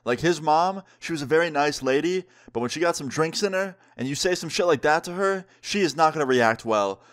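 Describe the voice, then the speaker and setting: A young man telling a story in a casual, animated storytime vlog. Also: fairly high pitch, brisk. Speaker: vlogger.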